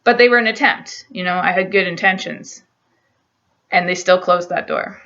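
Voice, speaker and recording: Young woman vlogger, earnest and emotional, bright tense voice, dull lo-fi audio. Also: lowish voice, normal speed. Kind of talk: personal confessional vlog.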